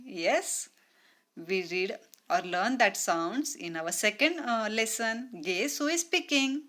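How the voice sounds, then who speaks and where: A woman teaching a grammar lesson to young children, slow and deliberate, repeating words and mimicking animal sounds. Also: on the high side, lively intonation, bright, forceful tone.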